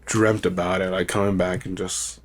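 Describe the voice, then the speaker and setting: A young man with a lowish voice co-hosts a casual podcast. He is sick with a cough. He rambles in a relaxed way, leans on "like" and "you know", and laughs often. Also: moderate pace, a little hiss or hum. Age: young adult. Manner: laid-back, rambling, laughs often, says "like" a lot. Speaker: podcast co-host. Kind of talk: casual chat.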